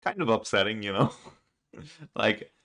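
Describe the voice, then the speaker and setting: A man's voice: fairly low pitch, lively intonation, unhurried, sharp tone. A man casually recapping a comic chapter, rambling with lots of fillers and frequent chuckles. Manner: chuckles often, loose and rambling with many fillers. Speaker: manga reaction channel host.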